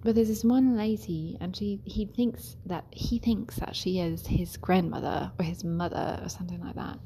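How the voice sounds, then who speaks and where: A woman's voice: medium pitch, moderate pace, warm tone, a little hiss or hum. Chatty woman care worker, storyteller, laughs a lot, drops to whispery asides. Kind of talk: casual storytelling.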